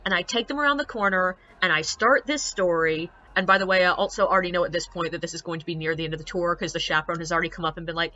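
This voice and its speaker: A woman tells tour-guide stories straight to camera in a loose, chatty way, leaning on fillers. Her voice is bright and forceful, and the recording sounds a little dull and lo-fi. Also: lowish voice, brisk. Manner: chatty, animated, filler-heavy. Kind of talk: casual storytelling to camera.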